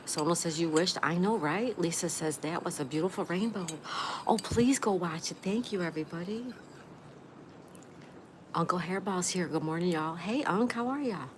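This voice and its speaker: Woman, deep voice, live-stream host, reads out chat and greets everyone by name, gushing thanks, noisy background. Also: moderate pace. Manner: reads viewer comments aloud and greets each by name; warm gushing exclamations. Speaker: livestream host.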